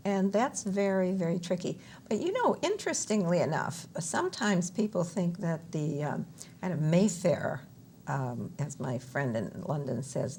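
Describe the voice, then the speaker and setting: A woman's voice: fairly low pitch, sing-song, moderate pace, gravelly, a little mellow, a little hiss or hum. A woman stage actor speaking emphatically in a conversational interview, often rephrasing as she goes.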